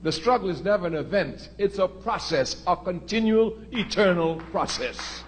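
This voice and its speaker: A man giving a political speech in a measured way, drawing out key words for emphasis. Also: high voice, expressive, slight background noise.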